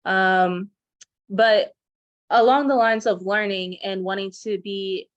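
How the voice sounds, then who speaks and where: Young woman, mid pitch, dry close sound, chatty, rushes when excited. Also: no room sound, muffled recording. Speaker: program graduate. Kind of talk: casual video-call conversation.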